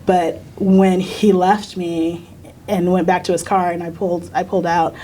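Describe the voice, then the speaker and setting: A middle-aged American woman, a teacher and union leader, recounting a personal experience in a halting, earnest way with many fillers and restarts. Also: lowish voice, flat delivery, warm tone, a little hiss or hum. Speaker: union council president, teacher. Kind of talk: personal storytelling in a recorded conversation.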